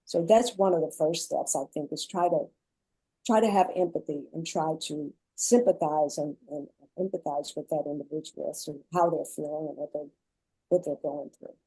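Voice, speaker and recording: A woman guest on a panel, explaining her caregiving experience in earnest, measured phrases. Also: low voice, mellow, breathy edge, no echo, rough recording. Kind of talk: panel discussion.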